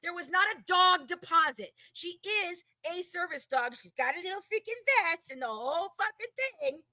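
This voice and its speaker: Brief: fired-up woman venting a grudge, high-pitched and bright, cursing, dry close mic. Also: expressive, moderate pace, dry recording. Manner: agitated, swearing, acts out quoted exchanges. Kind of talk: heated casual retelling of a dispute.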